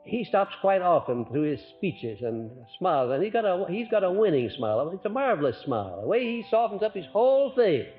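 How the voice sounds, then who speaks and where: A man giving an earnest, folksy lecture to a live audience, letting his voice rise and drop on purpose and often pausing on "uh". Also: high-pitched, very animated. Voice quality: frequent "uh" hesitations. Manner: folksy, earnest, swings between loud and soft on purpose. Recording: muffled archival recording, faint music.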